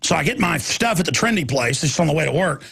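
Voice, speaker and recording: A man in his forties hosting a radio talk show, telling a rambling story and breaking into high mocking squeals when he imitates people. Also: expressive, fast, creaky, fairly bright tone, breathy edge.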